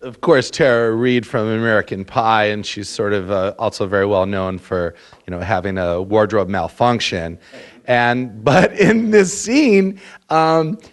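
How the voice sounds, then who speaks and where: A man's voice: lowish voice, unhurried. Man hosting a casual interview. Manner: conversational, prompting the guest with questions. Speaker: interview host.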